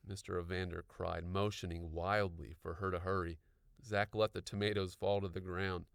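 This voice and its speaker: A man narrating an audiobook with expressive storytelling. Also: low-pitched, moderate pace, gravelly, clean tone, dry recording, studio quality.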